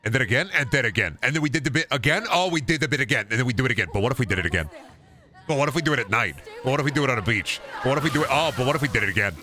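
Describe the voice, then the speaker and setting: A man's voice: medium pitch, lively intonation, rapid-fire, bright, forceful tone. A man streaming a game, rambling through sarcastic, profane riffs and slipping into goofy voices for bits. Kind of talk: casual gameplay commentary.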